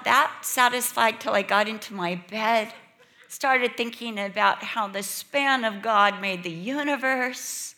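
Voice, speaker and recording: Woman preacher telling a story, bright clear voice, does little voices for everyone. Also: on the high side. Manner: animated, acts out quoted voices and childhood fears. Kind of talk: storytelling sermon.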